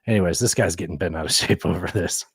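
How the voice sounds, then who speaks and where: A man's voice: low voice, quick pace, vocal fry, slightly rough. A man co-hosting a podcast, reacting to clips in casual chat with a riled-up, sarcastic manner and lots of restarts. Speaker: podcast co-host.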